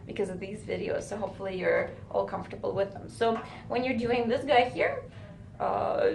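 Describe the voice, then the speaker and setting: A woman's voice: mid-range voice, a little fast, vocal fry, loud music behind the voice. A woman teaching drum fills in a video lesson, explaining step by step and often checking in with "right?". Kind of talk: video lesson, counting rhythms aloud. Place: music school room with drums. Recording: echoey room with loud drumming.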